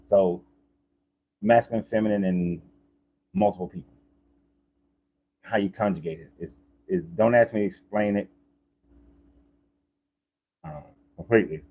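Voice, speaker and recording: A man's voice: lowish voice, lively intonation, unhurried, long pauses, muffled recording. A man talking in a casual, rambling monologue, often restarting and repeating himself, as a life coach.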